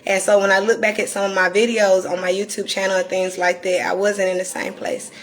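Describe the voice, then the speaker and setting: A woman from North Carolina with a Southern accent and a raspy, croaky voice, talking candidly and deliberately to viewers on a live stream. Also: medium pitch, little pitch movement. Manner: reflective and candid, slowed deliberate delivery. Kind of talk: casual live-stream talk.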